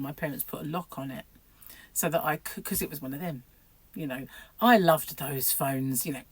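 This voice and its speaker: A woman's voice: low voice, no echo. A middle-aged woman vlogging about crochet in a rambling, chatty way, laughing often. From United Kingdom. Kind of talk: casual chat to camera.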